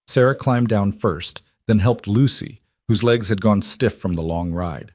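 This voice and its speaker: Low-voiced male story narrator. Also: unhurried, few pauses, a little mellow, no room sound, studio quality.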